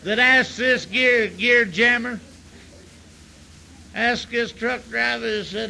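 A man's voice: very high-pitched, steady tone, slow pace, vocal fry, pauses often, sharp tone, a little hiss or hum, rough recording. A tipsy man telling crude jokes in a rambling, profane way, often repeating himself. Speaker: stand-up comedian.

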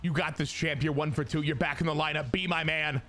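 A young man hosting a gaming channel, giving excited commentary on his baseball video game and cheering and shouting at the plays. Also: on the high side, fairly quick, soft background music. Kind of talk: excited live gameplay commentary.

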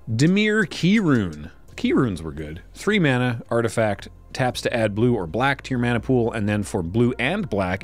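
A man hosting a casual card pack review, reading card text aloud and making wry asides. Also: mid-range voice. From Canada. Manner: lively, wry, reads card text aloud then riffs. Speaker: host opening card packs.

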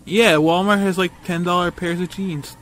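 A young man co-hosting a casual gameplay video, joking, swearing and breaking into loud shouts when excited. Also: sits high, moderate pace, a little hiss or hum. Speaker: gaming video co-host.

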